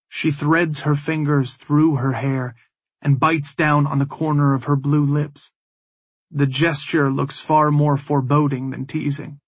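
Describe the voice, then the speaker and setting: A man narrating a first-person fantasy novel in a measured, weary way. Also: fairly high pitch, flat delivery, breathy edge, no echo. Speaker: audiobook narrator.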